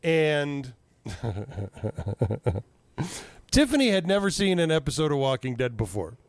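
A man chatting casually, telling animated stories, swearing freely and acting out what people said. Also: fairly high pitch, measured pace, clear, resonant tone. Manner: animated storyteller, swears freely, acts out quotes. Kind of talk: casual chat.

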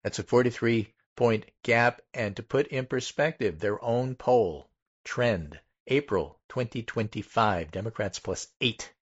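On dull-sounding audio, a political podcast host with a mid-range, breathy-edged voice reads poll results on his casual talk show. He goes methodically, pausing to put stress on every number in turn.

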